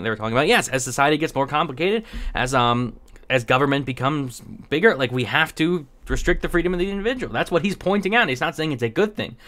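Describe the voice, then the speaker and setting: A man's voice: medium pitch, a bit bright. A man giving casual political commentary, exasperated and sarcastic, stumbling over restarts and laughing in disbelief. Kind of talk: casual commentary reading tweets.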